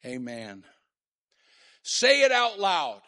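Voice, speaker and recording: A male pastor preaching a sermon in church, dropping to quiet talk and rising to shouted call-and-response. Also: sits high, huge pitch swings, slow pace.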